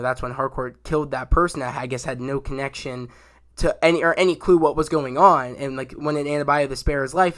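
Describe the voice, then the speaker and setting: A young man giving a casual spoken review of a TV episode, rambling and excitable, full of fillers and restarts. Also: medium pitch. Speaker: YouTube show reviewer.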